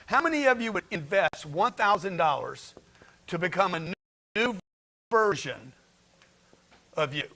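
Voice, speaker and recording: A man's voice: sits high, sing-song, unhurried, pauses often, bright, forceful tone. A man giving a blunt, slangy motivational talk to a livestream chat, firing rhetorical questions at his audience. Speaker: motivational speaker.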